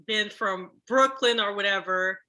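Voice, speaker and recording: A woman hosting an interview, asking her questions haltingly with lots of ums, then getting lively when she retells a funny sketch. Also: medium pitch. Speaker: podcast host. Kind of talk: casual interview chat.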